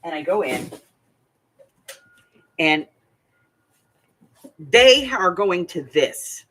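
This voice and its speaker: Chatty older woman with a lively voice. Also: on the low side, extremely slow. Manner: chatty, rambling anecdotes with lots of asides. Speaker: craft channel host. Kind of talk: casual storytelling vlog.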